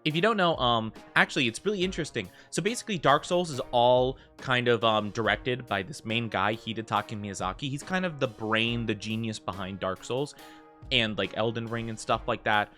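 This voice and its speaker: Bright, rambling American streamer guy. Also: mid-range voice, brisk, faint music behind. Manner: rambling, heavy use of fillers like "like". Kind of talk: casual livestream chat.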